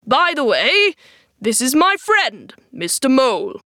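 A woman's voice: sits high, slow pace, no echo, studio quality, heavily acted. A woman voicing a chatty, self-assured male river rat in a storybook reading. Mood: hearty. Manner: lively, sure of himself, gives advice.

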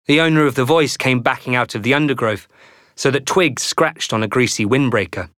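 A man reading a novel aloud as a narrator in a measured, expressive storytelling manner. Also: mid-range voice, no echo, studio quality. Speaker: audiobook narrator. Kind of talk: scripted narration.

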